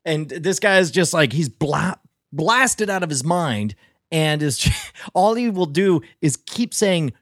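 A man's voice: on the high side, expressive, slow pace, a bit bright, no echo. Rambling storyteller man with a dry sound. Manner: rambling anecdotes, laughs into his stories. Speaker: podcast co-host. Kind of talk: casual comedic storytelling.

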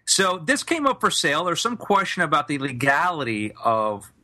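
A man hosts a comedy podcast with a bright, forward tone. His voice swings widely as he jokes and introduces guests, playful and theatrical. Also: fairly high pitch, big pitch swings, normal speed. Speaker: podcast host. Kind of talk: casual comedic chat.

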